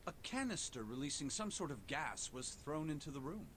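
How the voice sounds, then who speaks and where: An actor voicing a composed, refined young man in a video game, formal and measured in his speech. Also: fairly high pitch, sing-song, a bit bright, a little hiss or hum. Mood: calm.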